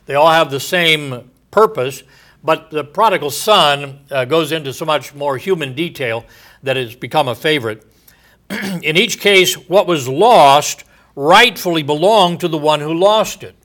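A man, likely older, delivering a sermon slowly and deliberately, letting his phrases trail off softly at the ends. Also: a little high, expressive. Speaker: preacher.

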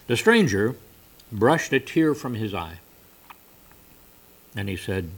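A man preaching a sermon and telling a story, often coughing and clearing his throat. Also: lowish voice, sing-song, slow pace, pauses often.

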